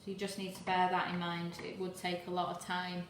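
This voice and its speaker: This woman's voice is lowish, monotone and a little fast. She's running a live cooking demo from her home kitchen, talking casually while she stirs, now and then a bit winded, and the recording carries kitchen echo and noise.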